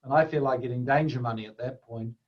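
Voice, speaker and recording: A man's voice: mid-range voice, fast talker. A man presenting a webinar lecture, conversational and full of fillers and restarts. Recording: dull lo-fi webinar audio.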